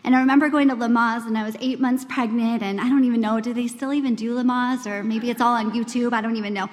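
A woman in her forties preaching at a women's church gathering, earnest and conversational, acting out quoted voices with big swings in pitch. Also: fairly even intonation, fast. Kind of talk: sermon. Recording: long hall reverb.

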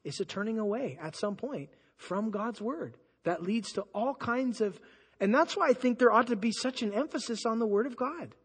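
A man preaching a sermon as pastor, conversational and animated, acting out the people he quotes. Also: sits high, normal speed, husky. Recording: long hall reverb.

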